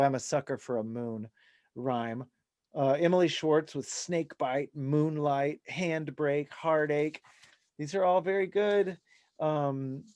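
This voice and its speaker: Middle-aged guy teaching songwriting on a video call, chatty and animated, kinda high voice. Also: dry recording, clean studio sound. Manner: animated, chatty, self-deprecating. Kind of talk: casual online workshop talk.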